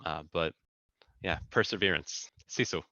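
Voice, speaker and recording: A man in his thirties talks casually as an interview guest. His voice is low but bright in tone. He circles his points with fillers and restarts. The sound is dry and a little dull, as over a video call. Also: unhurried, dry recording. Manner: chatty, many restarts and fillers. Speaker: guest engineer. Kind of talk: casual conversation.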